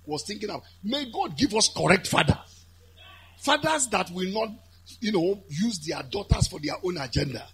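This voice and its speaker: A man with a Nigerian accent preaching a lively sermon, building to shouted, chanted high points. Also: normal speed, slightly rough. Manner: animated, shouting and chanting at peaks.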